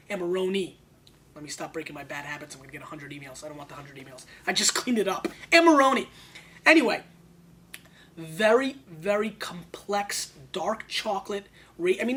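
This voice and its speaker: A man hosting a casual wine tasting video, joking and excitable, jumping between loud bursts and muttered asides. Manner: excitable, joking, big swings in pitch and loudness; talks to the camera and an off-screen helper. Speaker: wine show host.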